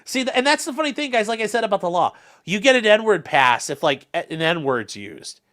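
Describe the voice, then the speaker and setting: A bright, forceful male voice with a lively, swinging pitch, rambling casually through a livestream. He reads viewer comments and chats in a loose, conversational way, full of fillers and restarts. The delivery sits on the higher side for a man. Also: a little fast.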